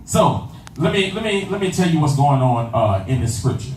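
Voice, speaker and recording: A man's voice: medium pitch, big pitch swings, moderate pace, a little mellow, slight background noise. Preacher man calling to his congregation. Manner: call-and-response, repeats phrases, asks "you understand that?". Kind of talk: sermon. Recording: echoey room from far off with faint ambience.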